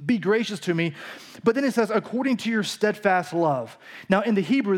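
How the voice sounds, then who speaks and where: Man, pastor, high-pitched voice, conversational sermon, casual storytelling. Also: lively intonation, a little fast. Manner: casual teaching tone with frequent restarts and storytelling asides.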